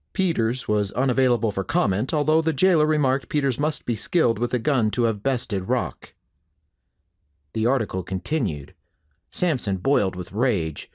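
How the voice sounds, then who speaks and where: A man's voice: fairly low pitch, no room sound. Man narrating a western audiobook, dry.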